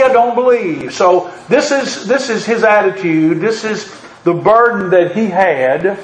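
A preacher with a notably high voice delivers his sermon in a rising, emphatic cadence. He quotes scripture and presses his points home. The sound carries the ring of a reverberant room. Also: slight background noise.

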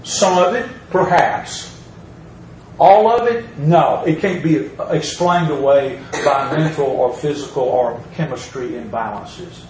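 A man's voice: fairly high pitch, slow pace, a little mellow, echoey room, distant mic, slight background noise, low-quality recording. A man preaching a sermon, reading scripture aloud and driving points home by repeating them. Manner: emphatic, repeats phrases, reads scripture aloud.

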